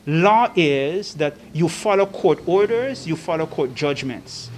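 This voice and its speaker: A man speaking as an attorney, making a deliberate, emphatic legal argument to the press. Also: a little high, lively intonation, slight background noise. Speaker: union attorney. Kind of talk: press statement.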